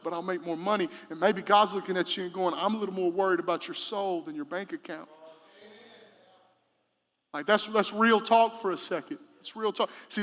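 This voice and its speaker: Bright-voiced pastor preaching in a hall. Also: male voice, sits high. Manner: conversational preaching with sudden loud emphatic bursts. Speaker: senior pastor. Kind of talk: sermon. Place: church sanctuary.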